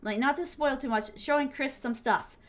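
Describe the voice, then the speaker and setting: Young woman streamer, from Florida, higher voice, playful, laughs a lot. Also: moderate pace. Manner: playful, chatty, laughs often. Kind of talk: casual chat with viewers.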